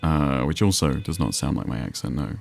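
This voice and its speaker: A man's voice: very deep voice, a little fast, creaky. A man with a northern English accent chatting casually while streaming a game, musing and answering chat. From England. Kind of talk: casual gameplay commentary.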